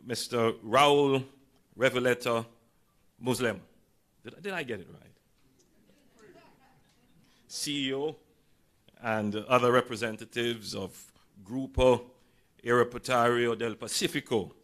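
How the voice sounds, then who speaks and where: A hoarse Jamaican man addressing a signing ceremony as prime minister, greeting dignitaries with relaxed, wry asides. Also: mid-range voice, a little slow, long pauses. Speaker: prime minister giving a speech. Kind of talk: formal ceremony speech with acknowledgments.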